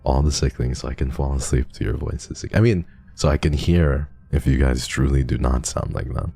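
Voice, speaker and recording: A young male streamer with an extremely deep voice, full of gravelly fry. He chats casually through donations in a soft, affectionate tone that turns into playful teasing. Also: normal speed, faint music behind. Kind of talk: casual livestream chat reading donations.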